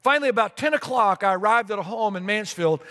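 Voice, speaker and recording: A middle-aged man preaching a sermon as pastor, telling a long story with repeated phrases and lively asides. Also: sits high, fast. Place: church sanctuary. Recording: long reverb of a large sanctuary.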